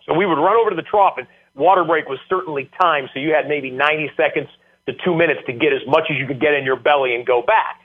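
A man guest telling animated stories with many fillers during an interview. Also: fairly high pitch, fast. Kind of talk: casual storytelling interview. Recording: tinny phone line.

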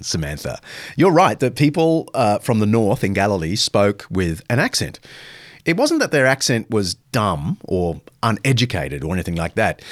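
A man's voice: mid-range voice, no room sound, clean studio sound. A man hosting a podcast, answering listener questions in a thoughtful, emphatic way. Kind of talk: reflective Q&A answers.

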